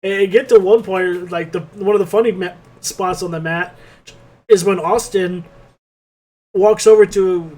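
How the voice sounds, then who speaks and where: A man's voice: high voice, steady tone, a little slow, a little mellow. A man co-hosting a podcast, telling a rambling, profane play-by-play recap in casual chat. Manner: rambling play-by-play, swears freely. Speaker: podcast co-host.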